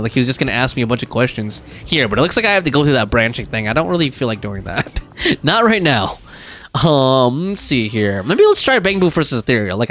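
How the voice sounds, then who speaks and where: A man's voice: medium pitch, fairly bright tone. A man streaming a video game live, chatting and rambling as he plays and reads chat aloud. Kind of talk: live gameplay commentary.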